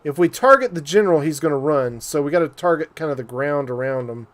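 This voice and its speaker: A man talking his way through a strategy game on a live stream. His voice sits a little high, and his commentary stays loose and joking, full of fillers and asides to viewers. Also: animated, fast talker. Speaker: gaming streamer.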